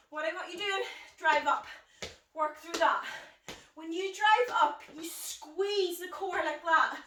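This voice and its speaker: Bright, echoey Irish fitness coach woman. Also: sits high. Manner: upbeat, coaching cues. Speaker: fitness instructor. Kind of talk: workout tutorial. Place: home workout space. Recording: echoey room, mic at a distance.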